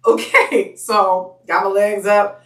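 A woman telling her birth story in casual chat, an animated storyteller who acts out quotes and laughs often. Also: mid-range voice, slow pace. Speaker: podcast guest. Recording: echoey room, mic at a distance.

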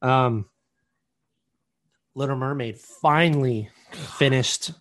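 A man's voice: mid-range voice, takes it slowly, a bit bright, slight background noise. Swearing, jokey young man hosting. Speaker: podcast co-host. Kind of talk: casual news chat.

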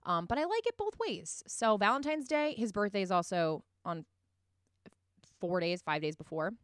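Chatty quick-talking woman, dry close mic. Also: mid-range voice, expressive, clear, resonant tone, dry recording. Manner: chatty, quick, laughs easily. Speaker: podcast co-host. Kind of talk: casual chat. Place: from the DC area.

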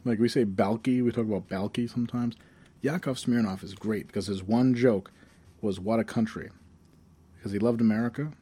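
A man co-hosting a podcast, chatting loosely and laughing between lines. His voice is mellow and dark. He swears freely and drifts from topic to topic. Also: fairly low pitch, a little fast, husky. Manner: laughs often, swears, reads jokes aloud. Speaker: podcast co-host. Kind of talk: casual podcast banter.

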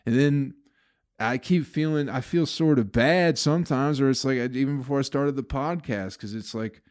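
A man's voice: mid-range voice, normal speed, a little mellow, no echo, clean studio sound. A young man hosting his own comedy podcast, ranting in a profane, exasperated way as he rambles alone at the mic. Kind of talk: solo rambling podcast monologue.

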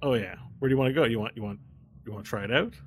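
A man's voice: medium pitch, very fast, close to an everyday voice. A man voicing a smarmy, sweaty male casino schemer who coaxes and flirts in a wheedling way. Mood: flirtatious.

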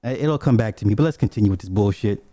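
A man hosting a call-in podcast, talking in blunt, casual, profane commentary and telling animated stories with frequent asides. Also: lowish voice, fast talker, no echo. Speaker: podcast host.

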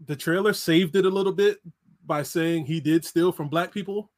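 A man's voice: fairly high pitch, normal speed. A man co-hosting a casual chat, blunt and matter-of-fact. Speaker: podcast co-host.

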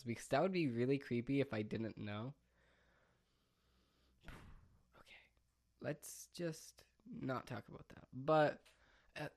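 A young man chats alone in a loose, rambling way, poking fun at himself and breaking into laughs. His voice sits at an ordinary, middle pitch. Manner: rambling, self-mocking, quick to laugh. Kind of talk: casual solo chat.

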